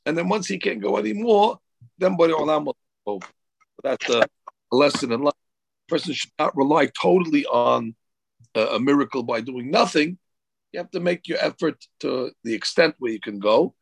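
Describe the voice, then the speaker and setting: A man's voice: a little high, lively intonation, moderate pace, gravelly, breathy edge, no echo, poor audio. A man, a rabbi, teaching a Torah class, reading Hebrew verses and explaining them in English.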